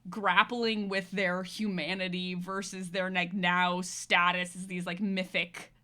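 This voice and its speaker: A woman co-hosting a podcast, talking through a film's themes quickly and thoughtfully. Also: fairly low pitch, little pitch movement, pushed and bright. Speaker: podcast co-host. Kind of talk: casual chat.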